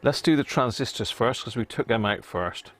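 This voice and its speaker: His medium-pitched voice has lively intonation and a normal pace, captured in a dry recording. He's a live-stream host restoring a vintage radio at his electronics bench, casually chatting with viewers, answering chat, and muttering while he tests parts.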